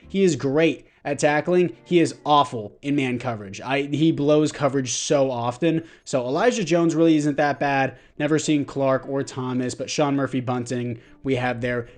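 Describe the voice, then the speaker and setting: A man's voice: mid-range voice, a little mellow. A young man giving casual commentary over his football video game, narrating the plays and blaming himself for his mistakes. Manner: frustrated outbursts at mistakes, self-blaming. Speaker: gaming YouTuber.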